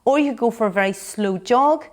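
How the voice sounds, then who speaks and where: A woman's voice: a little high, a little fast, darkish tone. A young woman, a fitness instructor explaining her training in a casual chat to camera, upbeat and explanatory.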